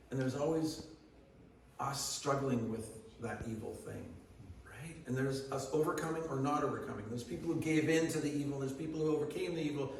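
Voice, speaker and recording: A man's voice: mid-range voice, slight background noise. A man giving a sermon as pastor, in a conversational way that asks the congregation questions. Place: church hall. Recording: echoey church hall from far off.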